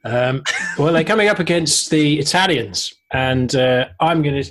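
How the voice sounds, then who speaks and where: A man's voice: fairly high pitch, expressive, measured pace, fairly bright tone. A man co-hosting a casual online talk show about cocktails, chatty and jokey as he explains a drink's history. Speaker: podcast co-host.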